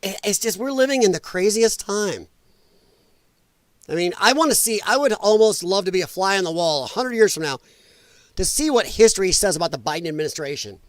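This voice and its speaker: A man's voice: high voice, expressive, a little fast, no echo. A male livestream host giving blunt, mocking political commentary with a casual, ranting delivery.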